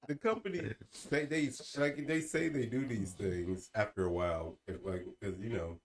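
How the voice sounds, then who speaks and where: A man's voice: lowish voice, normal speed. A man co-hosting a casual podcast chat, chatty and hedging his opinions. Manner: chatty, hesitant restarts, hedging. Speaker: podcast co-host.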